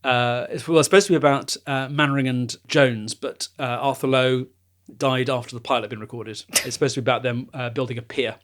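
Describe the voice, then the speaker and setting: A man's voice: mid-range voice, steady tone, a little fast, fairly bright tone. A British man hosting a podcast, explaining in a casual, informative way with many fillers. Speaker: podcast host.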